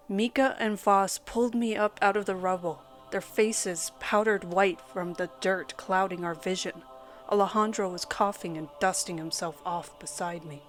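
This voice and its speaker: A woman narrating a first-person horror story in a dramatic, measured storytelling manner. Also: medium pitch. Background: soft background music.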